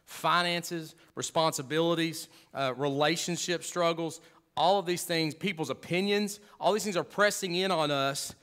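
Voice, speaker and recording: A man preaching a sermon as pastor, emphatic and conversational, swinging from loud to hushed with humorous asides. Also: fairly high pitch, moderate pace.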